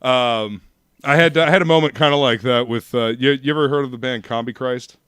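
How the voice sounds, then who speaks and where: A man's voice: medium pitch, a little fast, fairly bright tone, clear, resonant tone, no echo, clean studio sound. Laid-back man hosting a podcast. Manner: laid-back, swears casually. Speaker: podcast host. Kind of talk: casual podcast chat.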